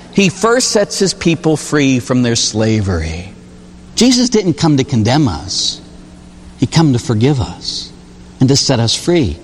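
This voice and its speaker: A Catholic priest giving an emphatic, animated sermon, jumping to sudden high exclamations. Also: male voice, in a large hall.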